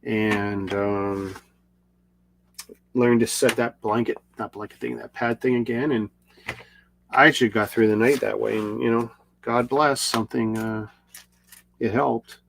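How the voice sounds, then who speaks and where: A man's voice: fairly low pitch, fairly even intonation, a little slow, vocal fry, long pauses, a bit bright, a little hiss or hum. A middle-aged man casually telling a long, rambling personal story with restarts and repeats. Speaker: video creator.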